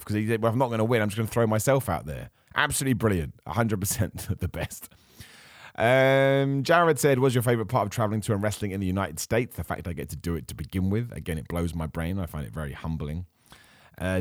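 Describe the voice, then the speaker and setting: Fast-talking deep-voiced man, voice going hoarse. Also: no room sound, clean studio sound. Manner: enthusiastic, chatty, frequent fillers and restarts. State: losing his voice. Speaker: podcast host answering viewer questions. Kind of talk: casual chat.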